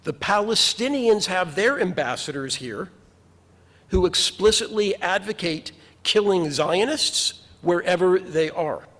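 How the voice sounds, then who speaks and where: A man giving a sermon as a rabbi, speaking in an earnest, measured way with emphatic repetition, in a synagogue sanctuary. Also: high voice, animated, a bit bright. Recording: long reverb of a large hall.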